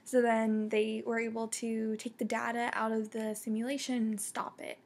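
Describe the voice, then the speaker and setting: Excitable young woman with a husky voice. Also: on the high side, normal speed. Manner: excitable, many fillers and restarts. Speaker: book vlogger. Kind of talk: casual book review.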